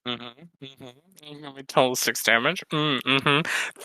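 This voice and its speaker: A man's voice: medium pitch, steady tone, a little slow, bright, forceful tone, clear, resonant tone, dry recording. A man narrating a tabletop role-playing game as game master, explaining rules with frequent hesitations. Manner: hesitant, many fillers.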